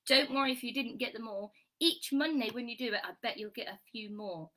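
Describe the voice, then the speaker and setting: A woman teaching a children's phonics lesson, praising warmly and sounding out letters slowly and clearly. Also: a little high. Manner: bright, encouraging, sing-song praise.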